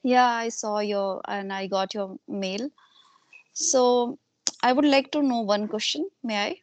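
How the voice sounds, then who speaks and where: A woman from India, a teacher politely asking questions in a conversation practice interview. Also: a little high. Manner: polite, measured, asks questions. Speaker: English teacher and channel host.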